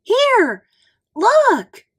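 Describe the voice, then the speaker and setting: A woman voicing an excited, bossy fourth-grade girl with a squeaky voice in a storybook read-aloud. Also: takes it slowly, exaggerated voice. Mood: thrilled. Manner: eager, insistent, shrill bursts.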